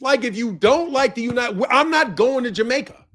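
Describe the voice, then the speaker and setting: A man from the United States ranting without a script as a boxing channel commentator, loud and profane, laughing between lines. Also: very high-pitched, lively intonation, normal speed. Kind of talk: unscripted profane rant.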